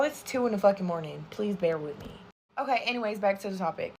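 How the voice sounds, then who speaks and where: A young woman in her twenties telling a storytime while getting ready, animated and swearing constantly. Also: mid-range voice, fast talker, vocal fry, slight background noise. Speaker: TikTok storyteller. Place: bedroom.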